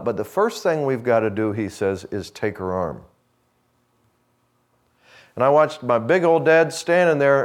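A middle-aged man preaching a sermon. He tells his story with deep feeling, sinking to a near hush and then rising to fervent emphasis. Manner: emotional storytelling, swells from hushed to fervent.

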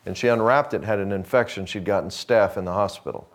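Man preaching with hushed, swelling emotion. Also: on the low side, fast talker. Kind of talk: sermon.

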